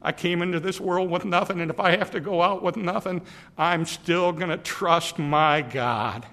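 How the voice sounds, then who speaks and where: A man's voice: high voice, moderate pace, a bit bright. A preacher speaking as a steadfast, suffering man who refuses to give up his faith. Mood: resolute. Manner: firm, resolute.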